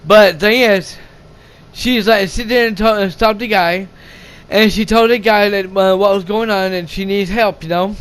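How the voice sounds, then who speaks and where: Speaking a little slowly in a high, clear, resonant voice with a steady tone, this young man reviews movies in a loose, rambling rant. Expect frequent swearing, stumbles and restarts, laughter, and quoted lines shouted aloud.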